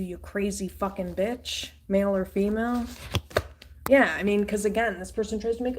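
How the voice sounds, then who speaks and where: A woman's voice: medium pitch, moderate pace, slightly rough. Blunt, foul-mouthed woman reading tarot. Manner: blunt, profane, ranting; loose, rambling with fillers. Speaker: tarot reader.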